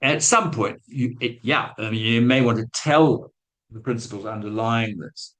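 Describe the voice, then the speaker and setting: In a webinar for teachers, a guest speaker on language teaching tells a story from his classroom, chatty and self-mocking, acting out the quotes. His voice is medium in pitch and a bit bright, at a normal pace. The recording is rough.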